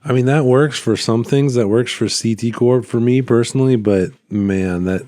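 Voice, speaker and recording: A man vlogging about his small business in a rambling, relaxed way, his voice a little worn. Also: lowish voice, normal speed, few pauses, no echo, studio quality. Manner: rambling, relaxed, lots of fillers and restarts. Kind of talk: casual talking-head vlog. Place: at home by his computer. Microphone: phone.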